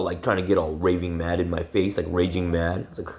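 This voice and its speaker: A man with a very deep, low voice delivers an agitated, profanity-laced rant to his camera. He rambles, circles back on himself and leans on fillers as he vents. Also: level tone, fast, hardly any pauses, darkish tone. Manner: profane, agitated, heavy swearing; rambling with many fillers and restarts. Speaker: vlogger. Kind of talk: angry personal rant.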